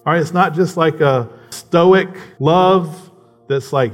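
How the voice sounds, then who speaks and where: A man's voice: a little high, slow pace, soft background music. A man preaching a conversational sermon, often checking in with "right?" and building to emphatic passages. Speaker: pastor.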